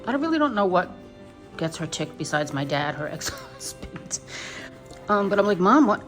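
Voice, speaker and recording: A woman's voice: fairly low pitch, very animated, normal speed, faint music behind. A New woman in her fifties tells a personal story on her doll vlog in a rambling, emotional way, full of restarts. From New York. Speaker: doll vlogger.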